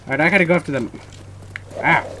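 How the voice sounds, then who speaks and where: A young man giving live commentary on his own gameplay, muttering one moment and yelling curses the next. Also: on the high side, quick pace, a little hiss or hum. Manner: swings from muttering to loud swearing rage. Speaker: gamer recording his match.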